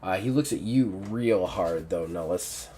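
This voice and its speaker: A man's voice: deep voice, measured pace, dark tone. Rambling male game master. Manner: casual and rambling, with many fillers. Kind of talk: narrating a tabletop game.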